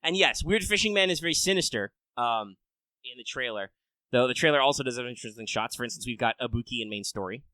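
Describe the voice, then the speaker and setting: A man hosting a casual podcast, rambling and swearing, swinging between loud rants and low mutters. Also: animated, fast talker, no echo, rough recording. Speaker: podcast host.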